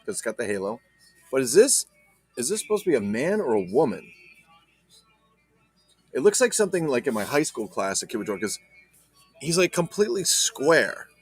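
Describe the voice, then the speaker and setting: A man's voice: medium pitch, very animated, moderate pace, long pauses, slightly rough, no echo, soft background music. A man hosting a casual collector vlog, chatting about his finds in a profane, enthusiastic, rambling way. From not Ireland. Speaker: collector vlogger. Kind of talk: casual unboxing chat.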